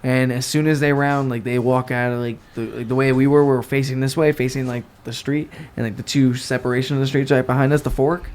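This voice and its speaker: Animated young man telling a wild story. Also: medium pitch, fairly quick, hardly any pauses. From New York area. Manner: animated, swearing, acts out voices in his stories. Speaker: podcast guest. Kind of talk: casual storytelling.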